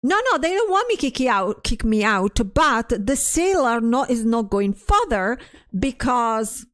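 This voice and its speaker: A woman's voice: a little high, very animated, measured pace. A stressed woman streamer in casual livestream chat, ranting, swearing often and restarting her sentences as she reads chat aloud.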